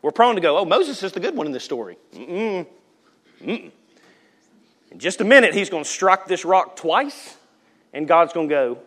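A pastor delivers an animated sermon. His fairly high voice swings from loud, emphatic passages to near-whispered asides. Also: normal speed, long pauses.

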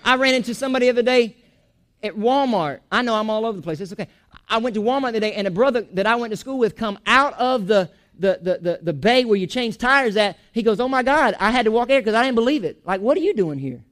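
A man preaching a sermon in a church, animated, joking and going off on asides. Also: very high-pitched, quick pace. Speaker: pastor.

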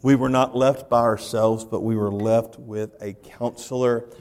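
A man's voice: medium pitch, unhurried. Preaching man in a reverberant church. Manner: animated, swings from loud to hushed, repeats phrases. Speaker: pastor. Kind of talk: sermon.

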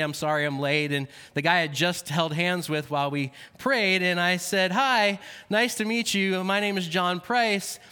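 A man's voice: on the high side, sharp tone, clear, resonant tone. A man preaching a sermon, telling a personal story with frequent fillers and then reading scripture aloud. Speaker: pastor. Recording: long hall reverb.

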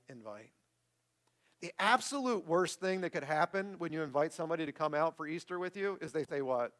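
High-voiced pastor preaching with emphasis. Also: male voice, a bit bright. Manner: emphatic, repeats words for a rousing effect. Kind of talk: sermon. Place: church.

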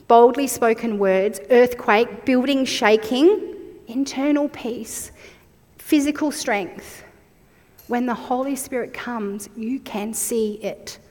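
A woman's voice: on the high side, takes it slowly, big-room sound. A woman in her forties preaching a sermon, reflective and personal as she shares her own story.

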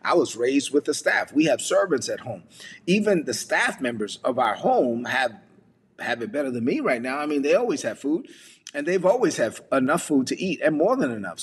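A male pastor delivers a sermon in a husky, slightly breathy voice, retelling scripture in relaxed everyday dialogue. His voice carries a long reverb, as if it fills a church sanctuary. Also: medium pitch.

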